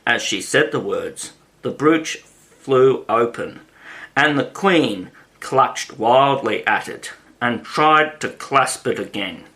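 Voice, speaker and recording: A man narrating a classic children's audiobook in a measured, even manner. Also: medium pitch. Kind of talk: storybook narration.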